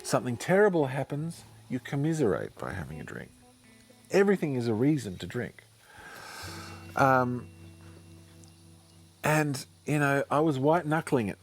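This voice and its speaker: A man telling a personal story in a monologue, often halting and repeating himself. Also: medium pitch, sing-song, soft background music. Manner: halting, repeats words and restarts sentences.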